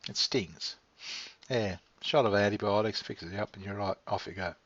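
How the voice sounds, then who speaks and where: Speaking a bit quickly in a fairly low, steady voice, a man vlogs through an easygoing, wandering monologue. He swears casually and chuckles now and then. It's captured with dry, somewhat dull lo-fi sound.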